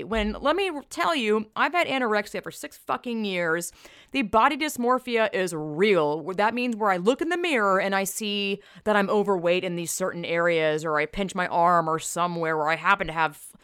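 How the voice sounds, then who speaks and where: A woman's voice: medium pitch, lively intonation, normal speed, a bit bright, smooth, no echo, studio quality. A young woman hosting a podcast, talking bluntly and emphatically with frequent swearing and exclamations. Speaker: podcast host. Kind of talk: casual opinionated podcast commentary.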